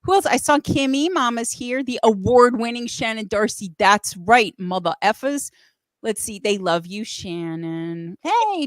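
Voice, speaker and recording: Casting note: woman livestream host, playful and joking, highish voice, dry close sound. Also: dry recording. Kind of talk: casual livestream chat.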